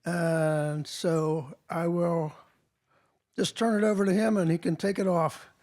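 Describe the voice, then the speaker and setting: A man's voice: on the high side, fairly even intonation, slow pace, a little mellow. A man hosting, introducing a guest speaker in a chatty, loose way. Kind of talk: casual introduction.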